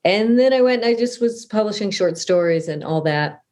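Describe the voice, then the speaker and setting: A woman's voice: medium pitch, expressive, a little fast, darkish tone. A middle-aged woman from Southern California, an author telling stories in a casual interview, chatty and self-deprecating with many restarts. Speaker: author guest. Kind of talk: conversational interview storytelling.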